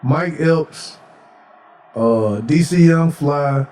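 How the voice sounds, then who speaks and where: A man co-hosting a podcast in animated, profane casual chat. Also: on the high side, drawn-out words. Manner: animated, profane, acts out voices. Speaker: podcast co-host. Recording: distant from the mic.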